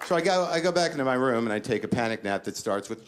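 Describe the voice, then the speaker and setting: A middle-aged man doing a stand-up comedy set, ranting neurotically and jumping into panicked high-pitched voices. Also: fairly quick, hardly any pauses, a little hiss or hum. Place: comedy stage before a laughing audience.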